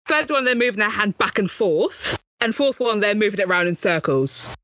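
A woman's voice: mid-range voice, expressive, moderate pace, fairly bright tone, no echo. A young woman, co-hosting a podcast and quizzing her friends in an exasperated, casual way. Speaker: podcast co-host. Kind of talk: casual chat.

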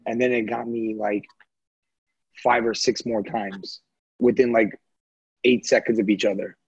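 A man's voice: lowish voice, level tone, measured pace, slightly rough, no echo, highs cut off. A man on a podcast telling a story in casual chat, blunt and profane. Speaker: podcast co-host.

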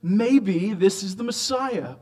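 Preacher, male, fairly high-pitched, emphatic, big swings from loud to hushed. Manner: emphatic, swings between loud raised lines and quiet low asides; drawn-out slow emphasis on quoted lines. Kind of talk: expository sermon.

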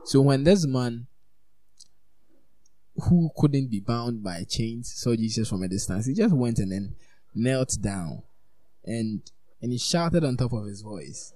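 A man giving a conversational sermon, informal and animated, peppering his talk with "like" and "you know". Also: medium pitch, unhurried, no echo. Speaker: preacher.

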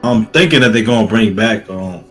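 A man's voice: lowish voice, lively intonation, moderate pace, a bit bright, faint music behind. A man co-hosting a podcast in casual chat, slangy and profane, rambling with lots of fillers and restarts. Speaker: podcast co-host.

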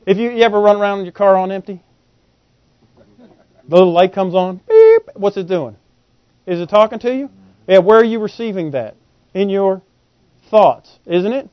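A high-voiced male preacher teaches from scripture and keeps throwing questions at his listeners. The recording is dull and lo-fi, close and dry. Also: dry recording. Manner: animated, quizzes the audience with rhetorical questions. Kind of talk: Bible teaching sermon.

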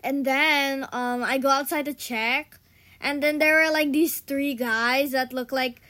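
A woman's voice: high voice, steady tone, measured pace, sharp tone. A young woman co-hosting a casual podcast, telling a story with lots of "and then, um" and giggles. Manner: rambling, full of "and then, um", giggly. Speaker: podcast co-host.

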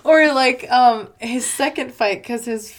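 Slightly high-voiced woman gushing about a movie, casual chat, does little voices for the lines. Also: slow. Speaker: podcast co-host.

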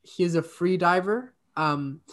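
A man's voice: high-pitched, measured pace, fairly bright tone. Rambling, stammering male podcast host. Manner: rambling, stammering with many restarts. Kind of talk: improvised comedy chat.

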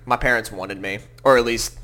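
A young man co-hosting a podcast, telling animated stories in casual chat. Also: lowish voice, fairly quick. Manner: animated storyteller, loud yelps in his anecdotes. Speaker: podcast co-host.

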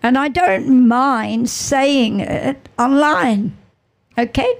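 A middle-aged woman giving an earnest, emotional personal testimony as a mother, halting and repeating her phrases. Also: sits high, lively intonation, vocal fry.

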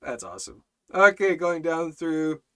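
A man teaching a Bible study and preaching urgently, in a lively, animated way. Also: fairly high pitch, a little slow, smooth. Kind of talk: evangelistic preaching and live-stream Bible study.

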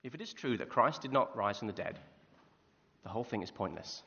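Man, preacher, sermon, lively questioning, animated pitch, long church reverb. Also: brisk, gravelly, breathy edge. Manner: lively storytelling with rhetorical questions. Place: church hall. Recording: muffled reverberant hall recording.

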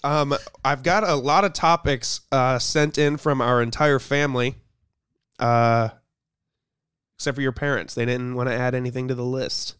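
A young man hosting a casual podcast, relaxed and full of fillers, talking close to the mic. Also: medium pitch, normal speed, smooth, dry recording. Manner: relaxed, filler-heavy, laughs easily. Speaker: podcast host.

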